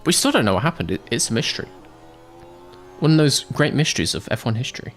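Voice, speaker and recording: A man's voice: medium pitch, big pitch swings, fast. A British man streaming a game, chatting casually with viewers, laughing often. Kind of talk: casual livestream chat.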